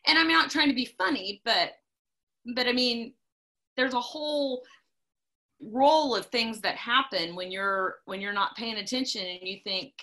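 A woman's voice: on the high side, unhurried, pushed and bright. A middle-aged woman in casual chat, blunt and emphatic, repeating herself to drive a point home. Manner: emphatic, blunt and repetitive when preaching farm safety.

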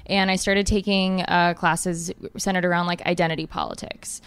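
A woman's voice: fairly low pitch, little pitch movement, moderate pace, a bit bright, clear, resonant tone, dry recording. A woman of twenty-three telling personal stories as a guest on a podcast, frank and full of swearing. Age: 20s. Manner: candid storytelling with lots of swearing. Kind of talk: casual podcast chat.

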